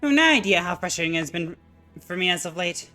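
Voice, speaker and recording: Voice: mid-range voice, expressive, bright, forceful tone, soft background music. Mister Bumble, a streamer doing a pompous hustling factory boss. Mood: impatient. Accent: exaggerated put-on Italian. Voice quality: brisk, boastful, impatient. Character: fast-talking pompous male factory owner. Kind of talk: reading game dialogue aloud.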